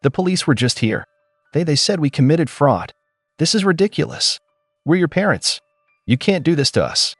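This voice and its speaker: A man voicing a frantic, guilt-tripping middle-aged mother with a shrill, pleading manner. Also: very animated, moderate pace, no echo, clean studio sound, soft background music. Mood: indignant.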